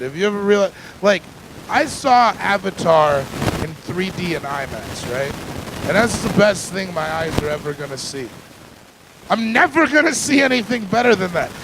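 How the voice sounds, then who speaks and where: A high-pitched male comedian works a club stage, telling stories in a dry, deadpan way. His bits build into loud, excitable rants. The live recording has a lot of noise behind his voice. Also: rough recording. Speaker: stand-up comedian. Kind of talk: stand-up comedy set.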